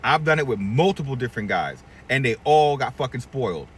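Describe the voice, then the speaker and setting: In a husky, medium-pitched voice with lively intonation and a brisk pace, a middle-aged barber and shop owner rants to camera. He dispenses blunt, profane, preachy advice to other owners and performs the voices he quotes, all through a distant mic.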